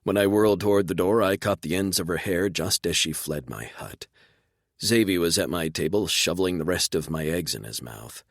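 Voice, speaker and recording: A man narrating a romance audiobook in the first person, intense and measured. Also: low-pitched, fairly bright tone, no room sound, studio quality.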